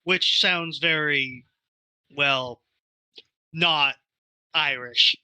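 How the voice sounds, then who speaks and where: A man's voice: fairly high pitch, extremely slow, bright, forceful tone, clean tone, low-quality recording. A man co-hosting a podcast, telling rambling stories in casual chat with fillers and cursing. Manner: rambling, storytelling with fillers and profanity. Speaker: podcast co-host.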